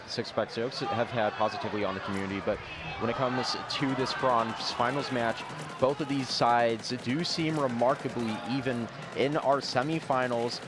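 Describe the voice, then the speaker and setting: A male esports co-caster speaking into a headset at a live tournament, with a mid-range voice for a man. He gives steady analysis and builds excitement for the match. Clear event noise runs behind him throughout. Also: mid-range voice. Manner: steady analysis that rises to big hype calls. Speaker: esports co-commentator. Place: tournament venue. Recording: noisy live event feed.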